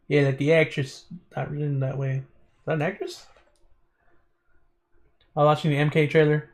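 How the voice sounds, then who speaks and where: A man's voice: a little high, level tone, normal speed, pauses often. A man streaming a visual novel, reading the text aloud in a casual way, stumbling over words and breaking off into chatty asides.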